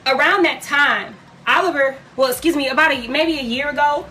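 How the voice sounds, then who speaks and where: Profane high-voiced woman from Detroit. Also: normal speed, pushed and bright, a little hiss or hum. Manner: blunt, profane, dramatic retelling. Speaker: livestreamer telling a story. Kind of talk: heated storytelling on a livestream.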